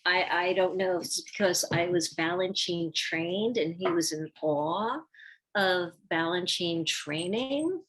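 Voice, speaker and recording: A woman's voice: fairly low pitch, slow, slightly rough. An older woman, a former ballet dancer, telling stories from her career in a casual interview, acting out the lines of people she quotes. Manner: animated storyteller, acts out quoted lines.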